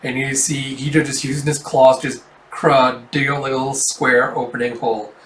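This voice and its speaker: A man's voice: mid-range voice, flat delivery, brisk, fairly bright tone, slight background noise. A man casually reading a manga aloud, summing up the panels in a loose, chatty way between the characters' lines. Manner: loose, chatty, keeps saying "it's like". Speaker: manga reader. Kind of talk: casual read-aloud recap. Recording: roomy, distant mic, faint ambience.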